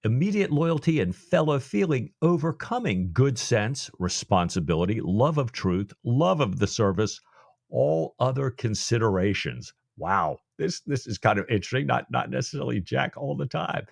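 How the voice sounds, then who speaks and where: A man's voice: mid-range voice, normal speed, vocal fry, no room sound, clean studio sound. A man co-hosting a podcast, chatting casually about a novel and acting out the characters' lines. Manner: animated, acts out characters' lines. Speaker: podcast co-host. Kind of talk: casual book discussion.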